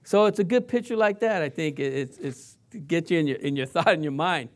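A man's voice: fairly high pitch, fairly quick. A man preaching a sermon in a conversational way, asking the congregation questions and mimicking sounds to make his points. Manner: playfully mimics sounds and voices to illustrate points. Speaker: pastor.

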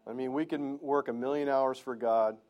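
A male pastor delivering a sermon in a church. He preaches in an earnest, conversational way, often turning to the congregation with questions. His voice sits at an ordinary middle pitch for a man. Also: fairly even intonation, normal speed, highs cut off.

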